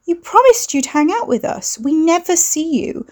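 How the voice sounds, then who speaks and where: A woman's voice: very high-pitched, big pitch swings, normal speed, pitched above the performer's own voice. A woman voicing a bubbly, pushy young woman with an artificially cultured voice and a slight Essex twang. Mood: shrill insistent.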